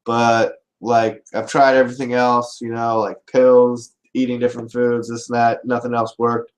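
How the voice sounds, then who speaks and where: A man's voice: mid-range voice, little pitch movement, moderate pace, close to an everyday voice. A man voicing a frustrated young man who earnestly pleads about his problem. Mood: pleading.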